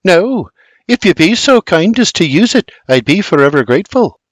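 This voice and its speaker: A man's voice: high-pitched, very animated, moderate pace, dry recording, pitched above the performer's own voice. A man putting on a bossy farm wife. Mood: coaxing. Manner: scolding, bossy. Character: stern old colonial farm wife.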